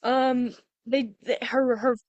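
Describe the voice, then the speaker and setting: A chatty woman recaps a film in a loose, rambling way, often stopping to restart her sentences. Her voice sits fairly high, and the sound is dry and close with no room echo. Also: flat delivery, slow, muffled recording. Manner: rambling plot retelling with frequent restarts. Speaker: podcast co-host. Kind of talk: casual movie review chat.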